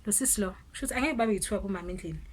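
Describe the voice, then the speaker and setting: A South African woman in her twenties telling an animated storytime vlog, switching languages and breaking into loud exclamations. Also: mid-range voice, rapid-fire, background noise. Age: 20s. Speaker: vlogger.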